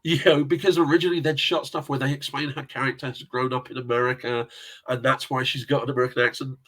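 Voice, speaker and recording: A man's voice: medium pitch, flat delivery, quick pace, fairly bright tone. A middle-aged man, telling rambling anecdotes as a guest in a casual interview. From England. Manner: rambling anecdotal storyteller, chuckles often. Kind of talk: casual chat.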